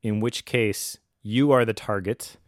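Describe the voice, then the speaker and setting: A man's voice: lowish voice, measured pace, no room sound, clean studio sound. A man co-hosting a faith and family podcast, talking casually and telling stories with easy laughs. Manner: relaxed storyteller, laughs easily. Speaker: podcast co-host.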